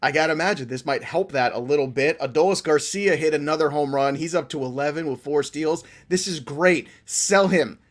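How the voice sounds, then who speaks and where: A male podcast host with a fairly high voice, playful and teasing. He runs through player news with upbeat, chatty energy. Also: a little fast, hardly any pauses. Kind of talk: casual fantasy baseball talk.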